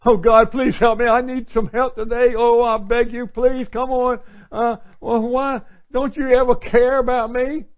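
A preacher voicing a desperate man who begs God for help in a high, strained, whining voice. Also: flat delivery, measured pace, few pauses. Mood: desperate pleading. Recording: dull lo-fi recording.

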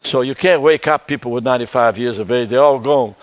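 Older man preaching, halting and soft. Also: mid-range voice. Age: 70s. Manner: halting, repeats words, drops to soft tones. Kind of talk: sermon.

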